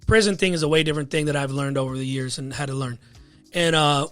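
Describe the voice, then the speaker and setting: A man's voice: on the high side, fast talker, a bit bright, soft background music. A man as a podcast guest, telling a personal story in a loose, casual way, full of fillers like "you know what I mean.". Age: adult with a wife and child.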